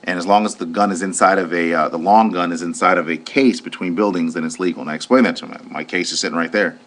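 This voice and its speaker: A man with a fairly low voice tells a story in a plain-spoken way, speaking as a private security officer. He acts out the lines of the people in it as he goes. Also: quick pace, fairly bright tone. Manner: plain-spoken, retells with acted-out quotes. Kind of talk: recounting a personal incident.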